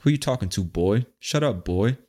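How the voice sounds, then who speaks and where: A menacing Southern man sneers and taunts in a stereotyped drawl, as a man puts him on. The voice jumps well above the performer's natural low register into a high, mocking tone. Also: normal speed. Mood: taunting. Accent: Southern US (attempted imitation).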